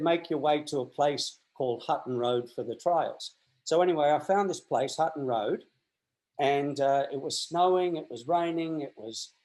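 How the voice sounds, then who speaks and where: A man's voice: medium pitch, poor audio. A man in his sixties with an Australian accent, telling a long story in a casual interview and acting out the people in it. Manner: animated, acts out the voices in his tales. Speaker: interview guest. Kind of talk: anecdotal storytelling in casual chat.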